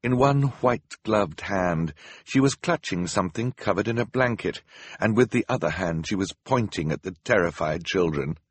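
A man's voice: deep voice, animated, moderate pace, husky, dry recording. A man narrating a children's novel as an audiobook, reading expressively and dramatically. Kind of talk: storybook narration.

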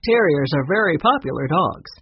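A man voicing a pushy, defensive, suspicious baker in a storybook, with an emphatic, husky voice. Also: fairly high pitch, expressive, normal speed. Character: smooth-talking suspicious male baker, defensive. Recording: dull muffled recording.

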